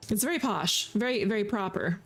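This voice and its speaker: A woman's voice: mid-range voice, lively intonation, fairly quick, husky, soft background music. A woman streamer giving playful, chatty commentary while she plays a video game. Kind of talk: casual gameplay commentary.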